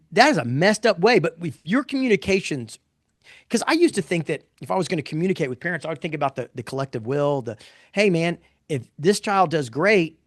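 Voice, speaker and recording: Middle-aged male pollster, slightly high voice, blunt and animated, restarts often. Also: no room sound, studio quality. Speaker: pollster presenting poll results. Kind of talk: casual live webinar talk.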